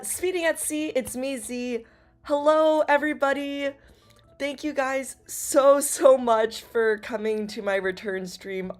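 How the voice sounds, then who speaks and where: A woman VTuber streaming to her viewers, upbeat and chatty, her voice a bit worn from jet lag. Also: fairly high pitch. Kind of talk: livestream chat with viewers.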